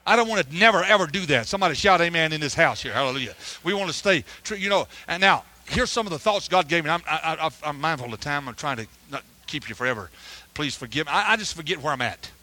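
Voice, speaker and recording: High bright-voiced preacher. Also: male voice, quick pace. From United States. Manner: animated storytelling, stammering restarts, frequent hallelujahs. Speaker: preacher, missionary. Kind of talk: sermon with personal testimony.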